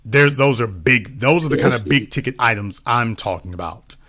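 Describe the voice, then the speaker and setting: A man's voice: medium pitch, lively intonation, moderate pace, bright, forceful tone. A man talking as a political commentator in a casual discussion, often repeating himself and asking rhetorical questions.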